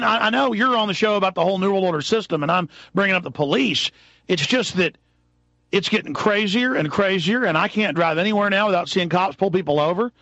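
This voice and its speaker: High-pitched man ranting on talk radio. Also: dry recording, lo-fi sound. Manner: fast, angry, rising to shouts. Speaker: radio host. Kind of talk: heated political talk radio rant.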